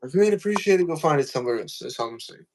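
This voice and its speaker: A man's voice: fairly high pitch, lively intonation, rapid-fire, slight background noise. A man hosting a casual chat, rambling, slangy, and repeating himself. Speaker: podcast host.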